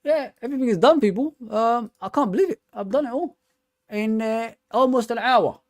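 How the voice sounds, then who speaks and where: A man's voice: very high-pitched, normal speed, no echo, clean studio sound. A young man hosting a football fan stream, rambling and repeating himself in loose slangy chat. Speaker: fan channel host. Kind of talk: casual live stream chat.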